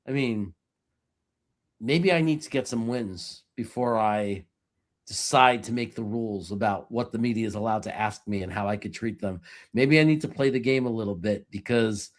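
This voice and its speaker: A man's voice: medium pitch, normal speed. A man hosting a casual sports podcast, talking in long rambling run-on thoughts full of "you know"s. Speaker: podcast host.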